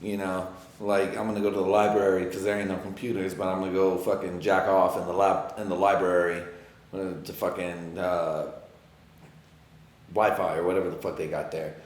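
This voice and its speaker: A man hosting a podcast, rambling through a casual, profane solo monologue that swings from loud excitement to low muttering. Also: normal speed, echoey room. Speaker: podcast host.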